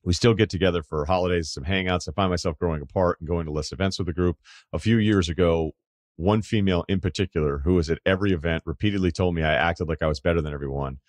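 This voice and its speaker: A very low-voiced man in his forties hosts a casual advice podcast, reading listener emails and dropping in wry asides. The recording is dry and close, with no room sound at all. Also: quick pace, no echo. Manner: wry and conversational, with asides and mock quotes. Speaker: podcast host.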